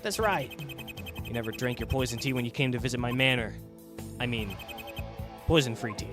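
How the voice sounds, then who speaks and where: A man's voice: mid-range voice, normal speed, natural voice. A man voicing a rambling, unhinged male prisoner villain with a gleeful, erratic manner over game music. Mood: manic, mocking. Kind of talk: let's play voice acting.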